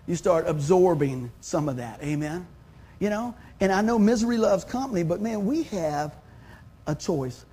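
Brief: fifties male pastor, folksy sermon delivery, raised pitch, husky tone. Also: a little mellow. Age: 50s. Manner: folksy, calls for amens, acts out anecdotes.

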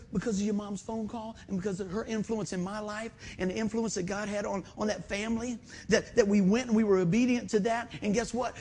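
A man preaching a sermon, telling stories in an animated way and often calling out "man" and "amen" to the congregation. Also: high-pitched, a little hiss or hum.

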